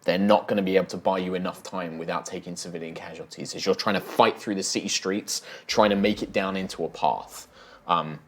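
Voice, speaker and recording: A man's voice: low-pitched, steady tone, fairly quick. A man narrating a fantasy tabletop game as dungeon master, describing scenes vividly with some fillers.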